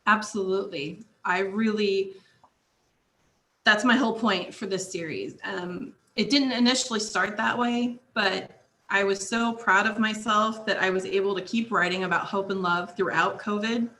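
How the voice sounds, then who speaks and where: A woman's voice: mid-range voice, moderate pace, a bit bright. A middle-aged woman, a guest author, chatting casually in an interview and laughing often between thoughts.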